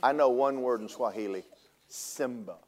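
A man preaching a sermon as pastor, animated and humorous, swinging between loud preaching and hushed asides. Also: mid-range voice, normal speed. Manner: humorous storytelling, laughs at own jokes.

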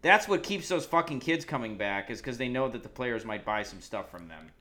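A man's voice: medium pitch, lively intonation, fairly quick, bright, forceful tone. A man and podcast co-host giving an easygoing, wry recap in casual chat.

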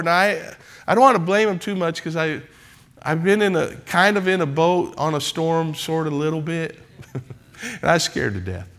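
A man's voice: fairly high pitch, expressive, moderate pace, fairly bright tone. A man preaching a sermon in church, building repeated refrains that rise into emphatic passages. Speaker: pastor.

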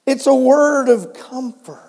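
An older man preaching in a church, his voice high for a man and carried by a long reverb off the walls. He tells stories and swings between soft, intimate lines and loud, ringing ones. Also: slow pace. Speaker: pastor. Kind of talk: sermon. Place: church sanctuary.

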